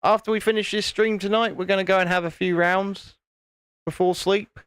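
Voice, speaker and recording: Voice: medium pitch, fairly even intonation, normal speed, clear, resonant tone, dry recording, studio quality. A British host chatting casually on a livestream from home, reading chat messages aloud and laughing often, recorded on a phone. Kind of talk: casual live chat while building. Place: home, indoors, in the evening. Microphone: phone camera.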